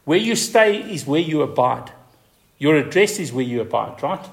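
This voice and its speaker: A man preaching a sermon as pastor, stressing key words with repetition and rising to high emphatic peaks. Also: sing-song, normal speed, vocal fry.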